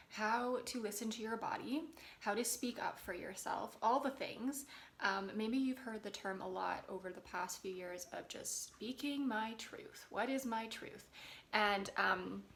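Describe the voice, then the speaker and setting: A young adult woman talking casually to camera as a spiritual development vlogger, gentle, earnest and encouraging. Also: medium pitch, vocal fry, a little hiss or hum. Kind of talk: casual direct-to-camera talk.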